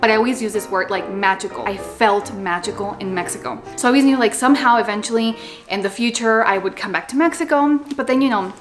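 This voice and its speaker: A young woman talking casually to the camera at home, chatty and animated, slipping Spanish words into her English. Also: medium pitch, quick pace, soft background music. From Los Angeles, USA. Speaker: vlogger. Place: home with a Christmas tree.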